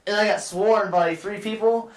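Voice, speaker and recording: A man's voice: high-pitched, steady tone, normal speed, reverberant, recorded from a distance, poor audio. A man hosting a podcast, telling a story in a rambling, swearing way. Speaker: podcast host. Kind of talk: casual storytelling chat.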